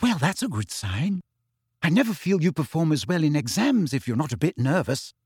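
A man's voice: fairly high pitch, sing-song, moderate pace, darkish tone, slightly rough, no echo, clean studio sound, heavily acted. Hermione, a hearty clever girl, as a man reads her. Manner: hearty, encouraging. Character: earnest clever teenage girl.

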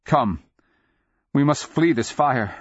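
Dude doing a tough young woman, short and firm, a bit higher, dry muffled sound. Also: animated, normal speed, breathy edge, no room sound. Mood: grim. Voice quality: firm, terse. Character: resolute young woman, calm and grim. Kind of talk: audiobook character voice. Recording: slightly muffled dry recording.

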